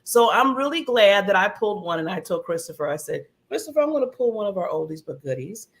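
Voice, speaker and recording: Female co-host, casual chat, animated storyteller, laughs easily. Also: medium pitch, fast. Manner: animated storytelling, acts out quotes, laughs often.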